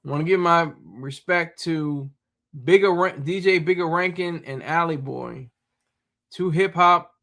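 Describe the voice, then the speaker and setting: A man's voice: high voice, pushed and bright. A man hosting a casual live chat, reading viewer comments aloud and replying, laughing often and stumbling over words.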